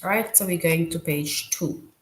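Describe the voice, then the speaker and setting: Woman teacher for an online class, lowish voice, patient, step-by-step explainer who keeps checking in. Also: moderate pace. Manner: patient, repeats "right?" to check understanding.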